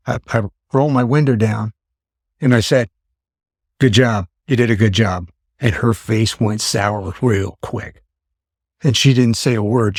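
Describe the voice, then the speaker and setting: A man in his fifties hosts a casual podcast and tells his story with animated asides, voicing his own thoughts as he goes. His voice sits at an everyday middle pitch, and the sound is dry and close with little room. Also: no room sound. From Pennsylvania. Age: 50s. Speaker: podcast host.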